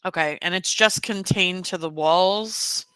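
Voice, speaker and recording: Woman player, bright crisp voice, lively pitch, wry asides, dry close sound. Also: a little slow, no room sound, rough recording. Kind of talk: playing a tabletop game.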